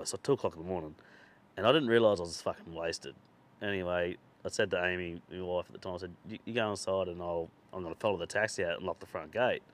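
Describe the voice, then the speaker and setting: A man with a fairly low voice, hosting a relaxed podcast chat. He spins his stories loosely and swears freely, often laughing along as he talks. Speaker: podcast host. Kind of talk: casual chat, rambling anecdote.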